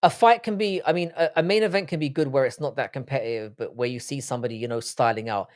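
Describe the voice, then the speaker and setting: A man's voice: mid-range voice, fast talker, no room sound, studio quality. A young man hosting a live-stream panel, talking in casual, blunt and profane banter. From United Kingdom. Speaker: livestream panel host.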